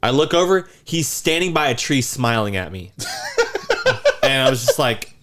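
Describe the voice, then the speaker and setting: A man's voice: mid-range voice, big pitch swings, fairly quick, a bit bright. Rambling man telling a story. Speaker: podcast co-host. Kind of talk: casual storytelling chat.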